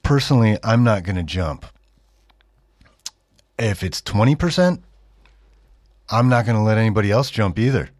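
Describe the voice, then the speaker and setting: Sardonic low-voiced man on the radio. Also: lively intonation, normal speed, long pauses, a little mellow, no echo, clean studio sound. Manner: sardonic, mocking, with exaggerated read-aloud quotes. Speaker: radio host. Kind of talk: sarcastic radio commentary.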